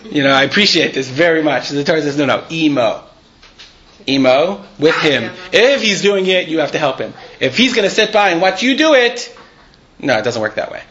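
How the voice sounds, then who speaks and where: A man's voice: a little high, sing-song, normal speed, a bit bright, dull audio. A man teaching a live Torah class. He reads Hebrew and Aramaic passages aloud, explains them conversationally and asks his students questions.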